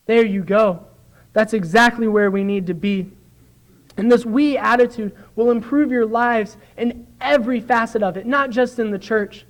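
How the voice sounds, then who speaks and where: Casting: young male church speaker, very high voice, earnest, delivering a sermon. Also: moderate pace, poor audio. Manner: earnest, acts out quoted dialogue. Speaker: church speaker giving the lesson. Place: church sanctuary.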